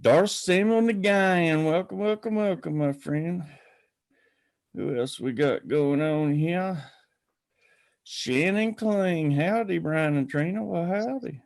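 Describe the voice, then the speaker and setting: A man's voice: on the high side, slow, vocal fry, darkish tone. A man hosting a casual livestream, rambling and greeting viewers by name. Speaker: livestream host.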